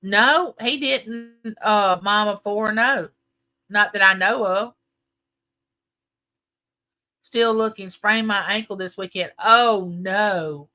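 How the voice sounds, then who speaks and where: A woman's voice: medium pitch, slow, long pauses. A middle-aged woman, casually telling a long family story to her livestream audience. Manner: animated, emphatic storyteller. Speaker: livestream host.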